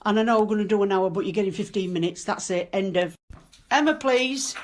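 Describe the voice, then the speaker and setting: A frightened woman, filming herself alone in a dark house at night, pleading and swearing under her breath. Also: mid-range voice, brisk, a little hiss or hum. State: scared. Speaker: cleaner alone in a supposedly haunted house. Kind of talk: filming herself, talking to viewers and to a ghost.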